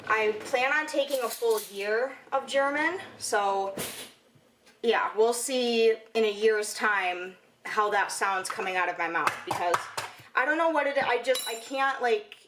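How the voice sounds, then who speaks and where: A woman's voice: a little high, a little slow, background noise. Chatty Michigan woman vlogging at home. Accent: Michigan American. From Michigan, USA. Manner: rambling, chatty, lots of "like" and "you know". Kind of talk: casual vlog chat.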